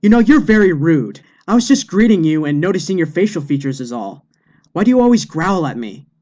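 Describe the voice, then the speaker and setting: A man voicing a cheerful young girl in red who greets people brightly and turns shrill when offended. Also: sing-song, a little fast. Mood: indignant.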